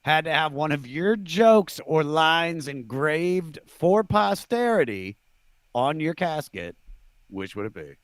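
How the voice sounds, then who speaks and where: A man hosting a podcast, chatting casually and telling animated comic stories, swearing freely. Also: a little high, takes it slowly, no echo, clean studio sound. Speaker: podcast host. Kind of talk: casual comedic chat.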